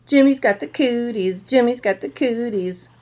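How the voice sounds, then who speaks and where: A woman voicing a bossy young girl who gets upset easily and talks in a pleading, drawn-out way. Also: medium pitch, expressive.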